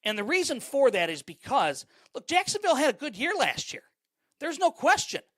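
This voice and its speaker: This man hosts a live sports podcast, and his voice is extremely high, very animated and a bit bright, moving at a normal speed. He rambles with fillers and repeated words, calling out chat viewers by name in the middle of his thoughts. The recording is dry.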